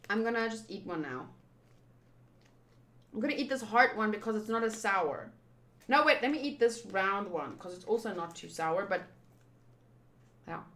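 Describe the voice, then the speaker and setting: A woman's voice: fairly high pitch, pushed and bright. A young woman in her twenties hosting a casual manga readthrough, chatting and reacting as she reads. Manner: chatty, thinks aloud, reacts. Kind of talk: casual reading commentary.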